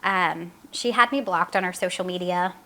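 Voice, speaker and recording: A middle-aged woman tells her daughter's story as an interview guest. Her voice is bright and forceful. She talks in an earnest, halting way, with many fillers and re-enacted dialogue. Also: fairly low pitch. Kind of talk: emotional personal account in an interview.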